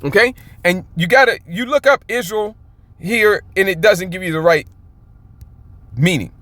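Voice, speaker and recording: Male Bible teacher, emphatic and informal, brightish higher voice, keeps checking "okay?". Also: dry recording. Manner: emphatic, repeats "okay?" often; reads scripture aloud slowly and stretched out.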